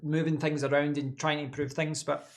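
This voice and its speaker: A man's voice: on the high side, little pitch movement, fairly quick. A man hosting a casual live stream from his home office desk, answering chat in a rambling way and repeating words as he thinks.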